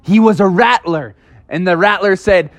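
A man's voice: sits high, normal speed, no echo. A man improvising a playful, dramatic story for children.

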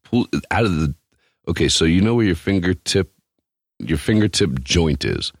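A man's voice: low-pitched, lively intonation, moderate pace, husky, no echo, studio quality. A man hosting a podcast, telling a story in crude, profane, joking casual talk and laughing often. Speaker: podcast host.

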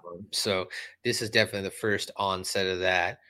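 A man hosting a podcast, casually recapping a cartoon episode in an animated way. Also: low voice, a little fast, smooth, dry recording. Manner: animated, jumps into voices while retelling. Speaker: podcast host.

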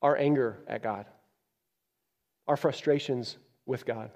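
Impassioned male pastor in an echoey hall. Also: slow. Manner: impassioned, swings from loud emphatic peaks to quiet low stretches. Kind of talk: sermon. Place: church.

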